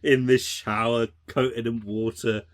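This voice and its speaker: A man co-hosting a comedy podcast, riffing fast, laughing and stammering as he slips into silly voices. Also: medium pitch, level tone. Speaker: podcast co-host. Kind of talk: casual comedic chat.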